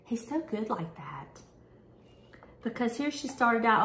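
A woman's voice: on the high side, big pitch swings, slow pace, fairly bright tone, roomy sound. A woman vlogger reading a devotional prayer aloud and reflecting on it in an earnest, candid, conversational way.

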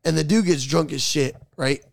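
This young host talks with a gravelly, fried edge. His voice sits a little high for a man. He tells stories in loose, profane slang and keeps the energy up the whole way. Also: normal speed, no room sound. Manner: profane, animated storyteller with slang. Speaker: podcast host. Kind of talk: casual storytelling chat.

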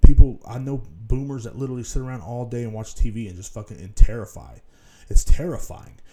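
This solo podcast host has a warm, medium-pitched voice and a brisk delivery. He rambles casually and profanely, packing his talk with filler such as "you know what I'm saying."

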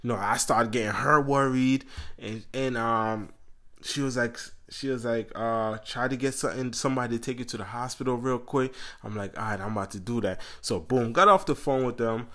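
A man co-hosting a podcast, telling a story in casual chat, animated and slangy, often laughing and acting out quotes. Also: mid-range voice, a little fast. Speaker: podcast co-host.

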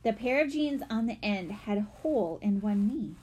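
Woman, audiobook narrator, breathy, lively melodic delivery. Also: medium pitch, normal speed.

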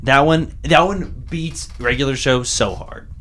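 A man's voice: mid-range voice, measured pace, a bit bright, slight background noise. A young man in casual chat with friends, animatedly retelling cartoon scenes and swearing freely. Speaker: friend in conversation.

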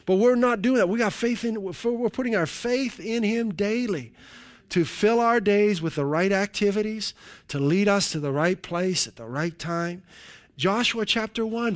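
Animated man preaching. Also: high-pitched, measured pace. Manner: animated preaching with frequent "hallelujah" and "right?"; jokey asides to the congregation. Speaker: pastor. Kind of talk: sermon.

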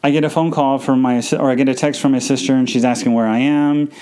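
Halting, emotional man with a mellow voice. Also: mid-range voice, fairly even intonation, smooth, poor audio. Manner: halting, full of fillers and restarts; emotional, subdued. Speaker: podcast host. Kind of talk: personal storytelling.

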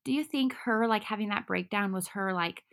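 A woman's voice: medium pitch, moderate pace, a bit bright. A woman chatting casually and animatedly, full of fillers, recapping episodes with a co-host. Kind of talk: casual chat recapping a dating show.

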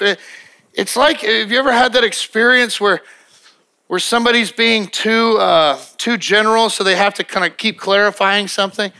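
A middle-aged man preaching a sermon as pastor, emphatic and repetitive, acting out quick little dialogues. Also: high voice, pushed and bright, clear, resonant tone.

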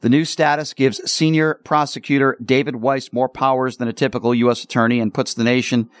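A man hosting a political talk radio show, speaking combatively and slowing down to stress his points. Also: mid-range voice, little pitch movement, no echo, clean studio sound. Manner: combative, slows down for emphasis.

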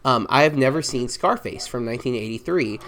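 A man's voice: mid-range voice, expressive, fairly quick, fairly bright tone. A man co-hosting a podcast in casual chat, rambling with many ums and self-corrections. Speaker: podcast co-host.

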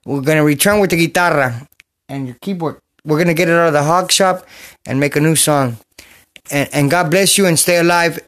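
Casual male podcast host, high voice, rambling and jokey, phone recording at home. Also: fairly quick. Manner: loose, rambling, jokey, with sudden shouts. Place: a bedroom at home.

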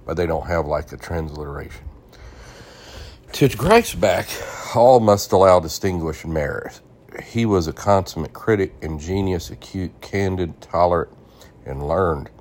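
Here the same kind of Bible podcast host speaks in a deep, darkish, animated voice. Working carefully through an old scholarly text, he breaks off now and then to comment and to clarify how names are spelled.

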